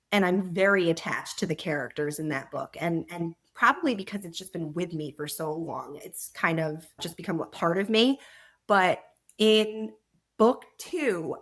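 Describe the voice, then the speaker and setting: A woman author being interviewed on a podcast, telling anecdotes in an animated way and laughing as she talks. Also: lowish voice. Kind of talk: conversational interview.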